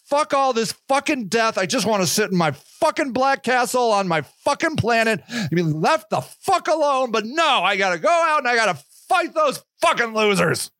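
A man's voice: very high voice, very animated, moderate pace, hardly any pauses, sharp tone, dry recording, clean studio sound, exaggerated voice. A man voicing a fed-up, cursing male space villain with profane, grumbling talk.

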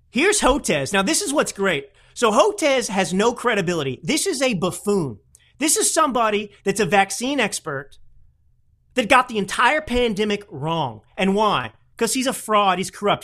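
Combative male podcast host, mocking tone, very animated delivery. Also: sits high. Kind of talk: opinionated political commentary.

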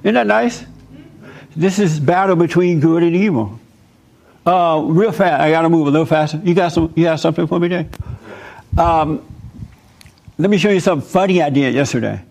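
An emphatic man talking to a room full of listeners in a fairly high voice. He preaches and jokes in turns and acts out the people in his stories. His delivery is lively and direct. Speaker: host speaking to a live group. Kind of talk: animated preaching talk with anecdotes.

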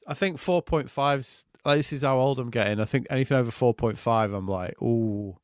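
A man in his thirties, co-hosting a podcast in a relaxed, chatty, self-deprecating way. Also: medium pitch, a little fast, dry recording, clean studio sound. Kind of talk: casual chat.

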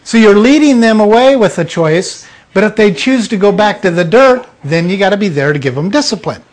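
A man's voice: high voice, expressive, fairly quick. Blunt, emphatic male preacher. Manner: blunt, emphatic, acts out little scenes. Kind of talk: informal sermon to a small group.

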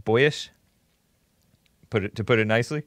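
A man's voice: medium pitch, moderate pace, no room sound. A man hosting a live call-in commentary show, talking casually and sarcastically as he thanks viewers. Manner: thanks viewers and reads donations aloud.

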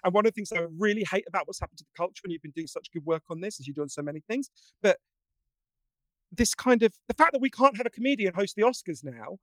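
High-voiced, earnest male guest. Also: fast, no room sound. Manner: earnest, animated storyteller with frequent restarts. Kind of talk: casual conversation.

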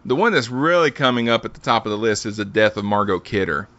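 A man's voice: lowish voice, lively intonation, quick pace, a bit bright, no room sound. A man hosting a casual podcast, reading quiz setups and laughing often. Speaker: podcast host running a quiz game. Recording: dull lo-fi sound.

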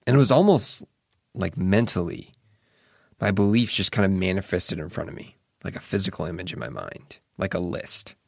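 Low and gravelly with a fry edge, a young man's voice carries a solo reflective monologue, expressive and earnest, at a normal speed. He muses aloud, frequently starts sentences over, and swears casually, all in a close, dry recording without room sound.

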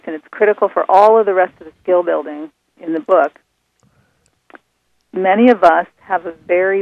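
A woman guest explaining her method in a calm, soothing, patient way. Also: lowish voice, gravelly. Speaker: author and guest. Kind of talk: explaining on a radio call-in. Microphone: phone. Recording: thin phone line.

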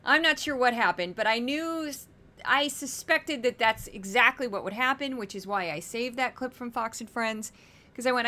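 A woman hosting a podcast, giving chatty, wry commentary on news clips with animated asides. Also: a little high, moderate pace. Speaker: podcast host. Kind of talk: casual commentary.

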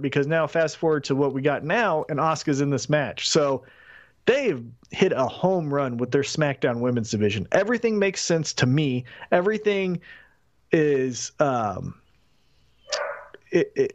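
A man co-hosting a casual wrestling podcast, animated and fond of acting out quotes. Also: muffled recording. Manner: animated, acts out quotes with big pitch jumps. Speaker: podcast co-host.

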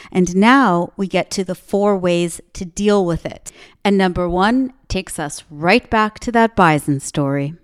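A woman's voice: medium pitch, darkish tone, clean tone. A woman hosting a podcast, speaking into a microphone in an emphatic motivational monologue with punchy repeated slogans. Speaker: podcast host.

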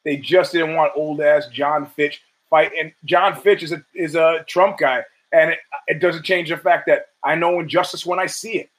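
A man with a fairly high voice hosts his own talk show, spinning a long, profane anecdote off the cuff. He stammers and restarts as he goes and slips into the other people's lines when he quotes them. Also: fairly even intonation, moderate pace, fairly bright tone, rough recording. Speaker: podcast host. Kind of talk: casual storytelling monologue.

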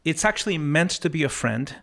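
A man hosting a motivational podcast who talks through life lessons in an earnest, reflective way. He tells stories casually, often restarts a phrase and slows down to stress key points. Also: a little high, animated, creaky, fairly bright tone. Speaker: podcast host.

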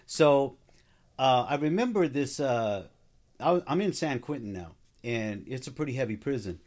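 A man's voice: mid-range voice, animated, normal speed, a little mellow. A man as a podcast guest, telling a personal story in casual conversation, acting out what people said and laughing along the way.

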